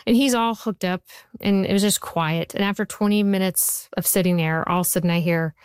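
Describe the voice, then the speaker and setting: A woman in her forties, a TV writer and showrunner, talking about her work in an interview as a chatty, animated storyteller with lots of fillers. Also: mid-range voice, a little fast, clear, resonant tone, dry recording, clean studio sound. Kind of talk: conversational interview.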